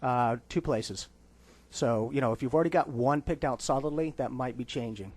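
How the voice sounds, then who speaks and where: A man's voice: mid-range voice, moderate pace, a little mellow. Man reading a caller's future. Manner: confident, acts out quoted voices. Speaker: psychic guest. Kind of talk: radio talk show reading.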